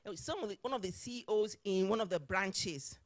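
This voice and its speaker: A woman, speaking at a conference, telling a workplace story in an animated way. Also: mid-range voice, a little fast. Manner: animated, acts out dialogue, laughs often. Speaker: conference speaker, former HR manager. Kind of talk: storytelling talk.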